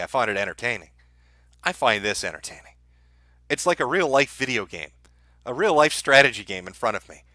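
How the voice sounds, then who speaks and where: A man's voice: mid-range voice, no room sound, clean studio sound. A man hosting a livestream, giving profane, darkly joking commentary to his chat. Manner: sardonic, profane, dark-humored. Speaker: livestream host.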